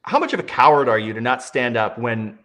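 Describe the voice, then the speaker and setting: A man's voice: medium pitch, animated, brisk, fairly bright tone. A man co-hosting a casual podcast, talking bluntly and sarcastically with lots of swearing. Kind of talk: casual rant chat.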